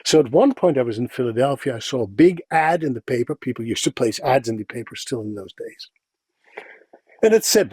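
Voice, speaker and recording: A man's voice: medium pitch, expressive, brisk, darkish tone, husky, no room sound. A middle-aged man from the Netherlands with a neutral Northern European accent, telling his story candidly and reflectively as an interview guest.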